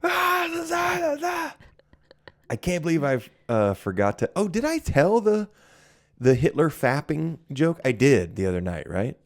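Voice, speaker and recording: A man's voice: medium pitch, big pitch swings, normal speed, darkish tone. A man co-hosting a comedy podcast, chatting casually and rambling into self-mocking jokes about his stand-up sets. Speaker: podcast co-host, stand-up comic.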